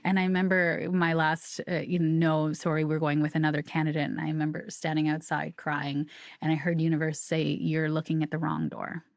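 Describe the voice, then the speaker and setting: Middle-aged woman guest, low voice, dry close sound, chatty and animated storyteller. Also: fairly quick, dry recording. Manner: chatty, animated, acts out quoted dialogue, laughs often. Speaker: guest, psychic medium. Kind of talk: personal storytelling in a podcast interview.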